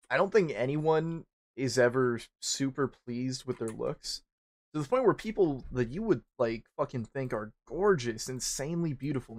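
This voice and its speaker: A young man chatting casually while streaming a game, rambling and swearing constantly, turning animated when he retells stories. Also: medium pitch. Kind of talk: casual chat while gaming.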